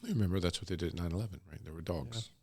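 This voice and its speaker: Low-voiced enthusiastic man. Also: racing, gravelly, darkish tone, slightly rough. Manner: rambling, enthusiastic, with laughs. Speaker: guest, co-founder of a bunny ministry. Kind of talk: casual interview talk.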